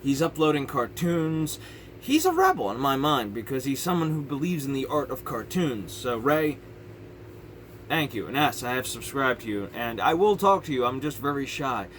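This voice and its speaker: A man's voice: mid-range voice, very animated, moderate pace, a bit bright, slight background noise. A young man ranting frustratedly on his vlog from his parents' house, rambling and restarting his sentences. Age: young adult. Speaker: YouTuber.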